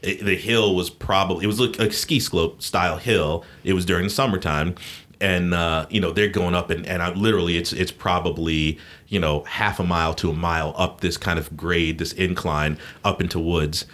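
A man co-hosting a podcast, telling a rambling, animated anecdote in casual chat. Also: low-pitched, normal speed. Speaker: podcast co-host.

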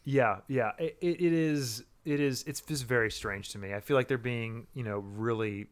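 A man's voice: medium pitch, moderate pace. A man co-hosting a podcast in casual chat, rambling and restarting his sentences often. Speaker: podcast co-host.

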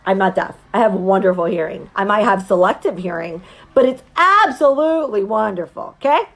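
Brief: woman, thirties, mid-pitched, casual and emphatic storyteller, keeps checking in with her listeners. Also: lively intonation, brisk. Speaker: mother and business owner telling a story to viewers.

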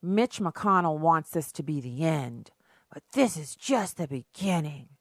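Casting note: woman mimicking a sloppy, drunken-sounding senator, low and hushed, slow slur. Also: expressive, dry recording, studio quality. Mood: mocking. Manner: slow, slurred, mocking delivery.

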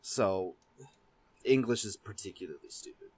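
A man's voice: lowish voice, moderate pace, darkish tone, husky, no echo. A man co-hosting a casual podcast about a show, tossing in wry jokes and asides. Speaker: podcast co-host. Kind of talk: casual chat recapping a show.

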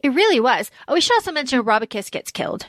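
A woman co-hosting a podcast, chatting casually about a story with lots of fillers and lively retelling. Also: sits high, fast, dry recording. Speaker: podcast co-host. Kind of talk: casual book discussion.

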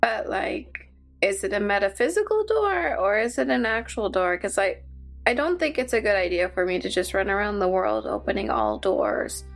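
A woman's voice: medium pitch, big pitch swings, normal speed, soft background music. A woman tabletop player, joking and rambling as she asks questions.

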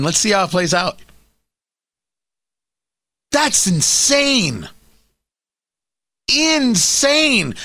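A man's voice: sits high, dry recording. A man hosting a talk radio show, delivering an opinionated monologue with sarcasm and mockery. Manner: sarcastic, animated, mocking.

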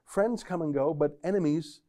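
A man's voice: fairly high pitch, normal speed, mellow. A man hosting a political commentary show, delivering sarcastic, mocking remarks between clips.

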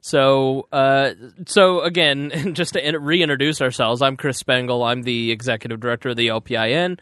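A man's voice: medium pitch, fairly even intonation, normal speed, fairly bright tone, smooth, no echo, clean studio sound. A man hosting a casual political podcast, chatting in a joking, self-deprecating way. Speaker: podcast host and producer.

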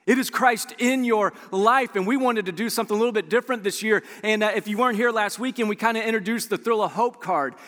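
Pastor guy preaching, high bright voice, big echoey hall. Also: quick pace, few pauses. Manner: animated, conversational preaching with quoted asides. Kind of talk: sermon.

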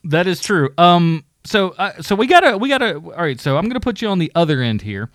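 A man's voice: high voice, big pitch swings, a little fast, dry recording, clean studio sound. A man co-hosting a podcast, casually reviewing films, rambling and swearing, with frequent laughs. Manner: profane, rambling, laughs often. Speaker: podcast co-host. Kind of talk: casual film review chat.

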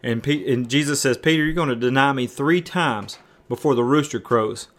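A man's voice: mid-range voice, normal speed. A man preaching a conversational sermon, often repeating words and restarting as he explains.

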